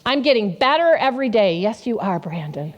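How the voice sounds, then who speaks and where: A woman's voice: fairly high pitch, sing-song, a little fast. A woman pastor giving an interactive sermon in a church, asking the congregation questions and repeating their answers back. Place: church sanctuary.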